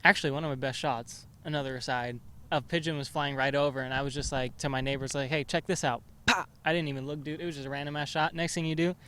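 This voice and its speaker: A man's voice: mid-range voice, steady tone, quick pace, fairly bright tone, clean tone. Young man swearing through rambling stories. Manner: rambling storyteller, swears a lot. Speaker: podcast host. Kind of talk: casual chat.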